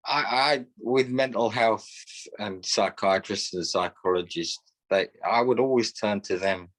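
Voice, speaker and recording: Older man with a low voice, sharing his story earnestly and reflectively in a group session. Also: unhurried, a bit bright, low-quality recording. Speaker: support group member. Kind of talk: personal testimony.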